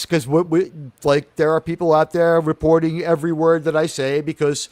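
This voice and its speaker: A high-pitched male host chatting animatedly in a casual, comedic way. He rambles and restarts sentences often. His voice sounds close and dry. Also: moderate pace, few pauses, darkish tone, no room sound. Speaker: talk show host.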